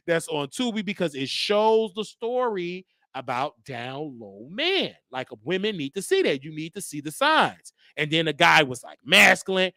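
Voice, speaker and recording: Campy guy host spilling celeb gossip, swoops way up into falsetto, super bouncy, dry close sound. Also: bright, forceful tone, no echo. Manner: campy, theatrical, swings into high falsetto; gossipy, teasing. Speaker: show host.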